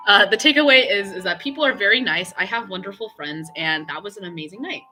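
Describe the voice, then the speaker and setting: A young woman streamer chatting away with a bright, forceful voice, full of fillers and acted-out quotes. Faint music plays underneath her casual storytelling. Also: medium pitch, quick pace. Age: young adult. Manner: chatty, excitable, lots of fillers and quoted dialogue.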